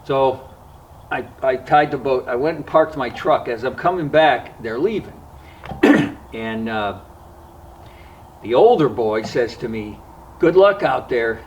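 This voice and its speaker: A man hosting a fishing vlog, telling a story in a casual, unhurried way with frequent pauses and fillers. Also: mid-range voice, animated, a little mellow, far from the mic, slight background noise, poor audio. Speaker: fishing vlogger. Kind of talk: casual spoken storytelling to camera.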